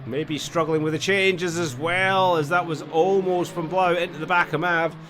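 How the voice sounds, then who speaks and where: A man giving live sim racing commentary, chatty and apologetic, tired and yawning, with sudden excited yelps. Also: a little high, normal speed, slight background noise. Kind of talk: live esports race commentary.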